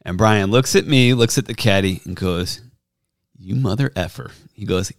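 Middle-aged male podcast host, low voice, dry close sound, casual storyteller. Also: normal speed, no room sound. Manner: storytelling, animated when quoting others. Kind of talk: casual chat.

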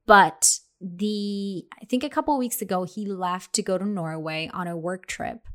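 A woman's voice: mid-range voice, unhurried, fairly bright tone. A young adult woman explaining English expressions in a casual lesson, chatty, with many fillers and restarts. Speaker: English teacher.

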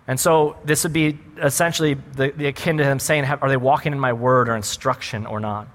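A man preaching a sermon as a pastor, animated and full of rhetorical questions. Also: mid-range voice, fairly quick, long reverb tail.

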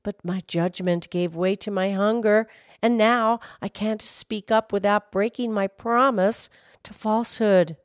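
A woman's voice: medium pitch, steady tone, measured pace, dry recording, clean studio sound, voice pushed up, lightly acted. A woman voicing a weary honest man who speaks in a groaning tone.

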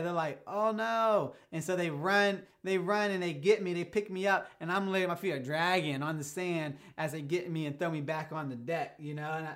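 A man's voice: on the high side, a bit bright. Casual man preaching a sermon. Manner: casual storytelling preacher, speeds up and slows down for emphasis. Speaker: pastor.

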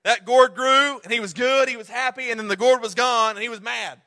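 A man's voice: very high voice, brisk, bright, forceful tone. A man preaching a sermon, conversational and humorous with earnest, impassioned stretches. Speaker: pastor.

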